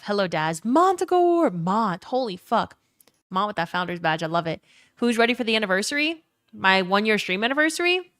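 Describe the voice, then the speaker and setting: A young woman talks quickly and loosely on her live stream, greeting chat by name and swearing freely. Her voice sits in a middle range, recorded close and dry at home. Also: medium pitch, a bit bright, no echo. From Louisiana. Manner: fast-talking, swears freely, greets chatters. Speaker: livestreamer. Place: home room.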